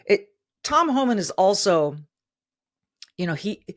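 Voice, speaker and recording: A woman's voice: mid-range voice, very animated, unhurried. A middle-aged woman hosting a podcast, delivering emphatic opinion commentary and repeating phrases for stress. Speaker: podcast host.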